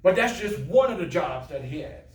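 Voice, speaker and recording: A man's voice: fairly high pitch, big pitch swings, moderate pace, reverberant. Older male motivational speaker, storyteller with jokes, room sound from a distance. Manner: storytelling, plays voices in quotes, jokes with audience. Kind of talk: motivational talk with jokes and stories. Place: classroom of adult students.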